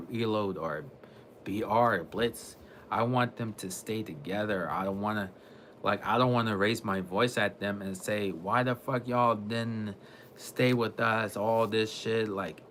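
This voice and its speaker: A man with a lowish, bright voice talks casually to his viewers about gaming. He rambles, repeats himself and often restarts mid-sentence. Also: a little hiss or hum. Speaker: gaming vlogger. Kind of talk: casual monologue to camera.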